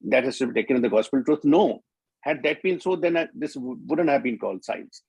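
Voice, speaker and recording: A man's voice: medium pitch, lively intonation, fast, gravelly, a little mellow, slightly rough, no echo, low-quality recording. An older man with an Indian English accent, giving an emphatic, explanatory talk as a doctor on a conference panel.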